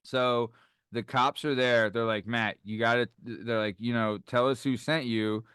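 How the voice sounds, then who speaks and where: A man in his thirties, a podcast host, telling a story in casual chat and acting out the people in it with sudden jumps in pitch. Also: measured pace, smooth, no room sound, clean studio sound. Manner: animated, acts out quoted voices with big pitch jumps.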